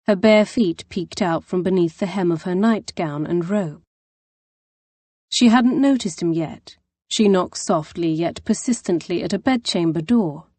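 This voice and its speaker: A woman narrating an audiobook in a measured storytelling manner. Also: lowish voice, a little mellow, no room sound. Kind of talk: scripted narration.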